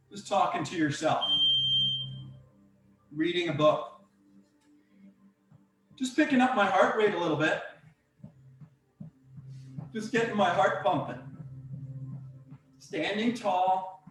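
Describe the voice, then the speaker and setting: A man coaching a breathwork and exercise session, giving calm, encouraging step-by-step cues. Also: high voice, takes it slowly, long pauses. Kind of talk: guided workout instruction. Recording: very echoey room, mic far off.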